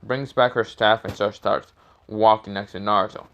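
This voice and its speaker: A man's voice: lowish voice, steady tone, normal speed, fairly bright tone, muffled recording. A man casually narrating a fan-made story, rambling with lots of fillers and self-corrections.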